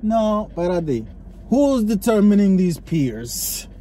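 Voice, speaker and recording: A man co-hosting a casual podcast from inside a car, ranting with lots of swearing and animated storytelling. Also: sits high, slow. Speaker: podcast co-host. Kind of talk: casual chat. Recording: faint car noise behind.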